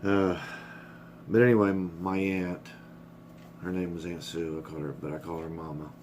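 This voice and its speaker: A middle-aged man with a low-pitched, slightly mellow voice speaks at normal speed with little pitch movement, over slight background noise. In a casual personal vlog, he rambles candidly, swears freely, and gets emotional and choked up.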